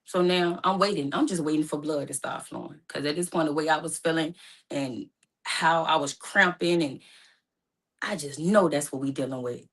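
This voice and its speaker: A woman's voice: low-pitched, moderate pace, a bit bright. A young woman in an emotional personal storytelling talk, acting out both sides of her phone calls. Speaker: guest telling her story.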